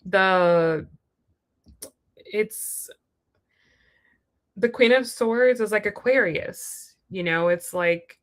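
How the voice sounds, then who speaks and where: Chatty, frank woman reading tarot. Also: mid-range voice. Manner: chatty, frank, acts out quoted voices. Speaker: tarot reader. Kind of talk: live-stream tarot reading.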